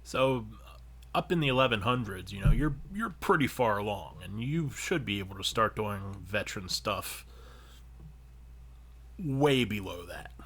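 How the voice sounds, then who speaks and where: A man co-hosting a podcast, casually telling a long, profane gaming story that grows animated as he retells it. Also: fairly low pitch, measured pace, breathy edge. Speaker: podcast co-host. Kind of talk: casual chat.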